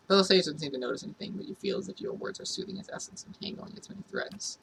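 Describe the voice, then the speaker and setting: A let's play narrator works through a role-playing game, voicing every character's lines himself. He talks fast and nearly without pauses in a high-ish, creaky, fairly bright voice, captured on a distant mic in a noisy room.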